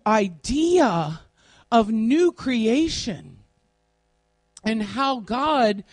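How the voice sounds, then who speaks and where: A woman leads a Bible class at a slow, unhurried pace, setting out each word's meaning one at a time. Her voice is recorded close and dry, with almost no room sound. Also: fairly high pitch, darkish tone, no echo. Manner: deliberate, spells out word meanings one by one. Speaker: Bible study teacher. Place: classroom, writing on a board.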